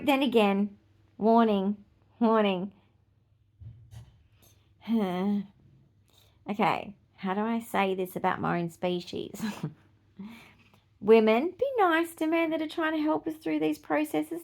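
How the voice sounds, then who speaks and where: Her voice sits high as this Australian woman in her forties runs her podcast as a casual monologue. She's blunt, curses freely, and laughs in between points.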